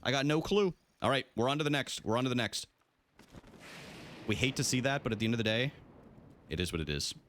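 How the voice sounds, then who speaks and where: A man's voice: medium pitch, fairly quick, long pauses. A young adult man streaming a video game live, chatting casually with his viewers, joking and swearing as he plays. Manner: animated, jokey, swears, talks to chat.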